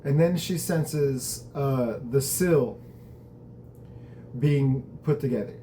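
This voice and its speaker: A man's voice: medium pitch, slow, warm tone, a little hiss or hum. A man hosting a show, casually recapping a TV episode in a conversational, reflective way, with the odd swear word.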